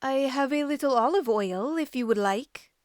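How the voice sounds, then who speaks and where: A kind young woman expecting a baby speaks softly and formally to comfort lost children, as a reader puts her on. Her voice is higher than average and soothing. The sound is dry and close. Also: moderate pace, dry recording, close to an everyday voice. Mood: gentle. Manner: soft, soothing, formal speech.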